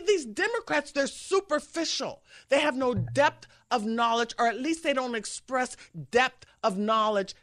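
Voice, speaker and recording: A woman's voice: a little high, a bit bright. A woman hosting a talk show, giving an emphatic political commentary monologue from a studio, often mimicking others mockingly. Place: radio studio with an engineer.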